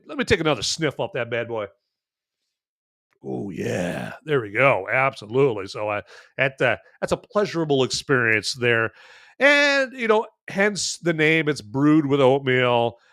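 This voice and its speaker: A man's voice: fairly high pitch, a bit bright, dry recording, clean studio sound. A man hosting a casual movie and beer review show, rambling and enthusiastic, with lots of fillers and repeated tag phrases like "okay?". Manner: enthusiastic and jokey. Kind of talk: casual review chat to camera.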